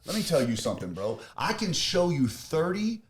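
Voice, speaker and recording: A young man from Florida talking on a podcast, brash and boastful, swearing a lot and swinging from loud bragging to quiet worry. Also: a little high, big pitch swings, moderate pace. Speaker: podcast host, business owner. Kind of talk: casual chat.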